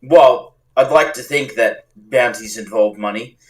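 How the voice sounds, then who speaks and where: A man playing a tabletop game, blunt and deadpan with crude jokes. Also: medium pitch, a little slow, low-quality recording. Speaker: player. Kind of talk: casual tabletop role-play.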